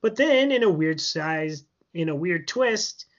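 A man's voice: fairly high pitch, lively intonation, takes it slowly. Rambling man recapping a show, lo-fi. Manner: rambling, filler-heavy storytelling with laughs. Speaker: podcast co-host. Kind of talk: casual chat recapping a TV episode. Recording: dull lo-fi podcast audio.

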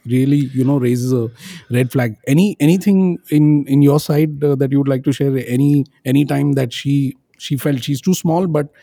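A man's voice: mid-range voice, moderate pace, vocal fry, mellow, no echo, studio quality. A man co-hosting a casual parenting chat, telling stories and rambling with plenty of fillers and restarts. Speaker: podcast co-host, father. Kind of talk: casual conversation.

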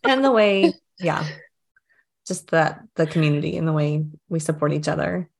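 A woman's voice: sits low, moderate pace, gravelly. A woman hosting a podcast, chatting casually with laughing asides. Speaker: podcast host. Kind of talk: casual interview chat.

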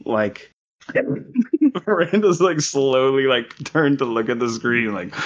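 Podcast dude rambling slow, lots of ums and likes, lowish voice, muffled audio. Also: male voice. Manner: rambling, giggly, lots of fillers. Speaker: podcast host. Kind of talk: casual chat.

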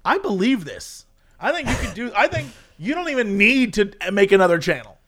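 High-pitched guy laughing thru a story, voice jumps all over. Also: a little fast. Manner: animated storyteller, laughs often. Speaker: podcast co-host. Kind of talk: casual chat.

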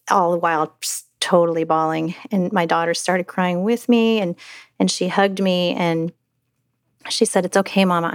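Middle-aged mom telling her story, kinda low voice, lots of um and restarts, dry close sound. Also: no room sound. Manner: halting, many restarts and fillers. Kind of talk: personal interview account.

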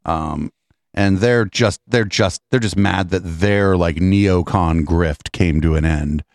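A man's voice: low voice, slow pace, no room sound, studio quality. A man hosting a podcast, chatting casually and sardonically about politics and swearing often. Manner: sardonic, profane, offhand. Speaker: podcast host.

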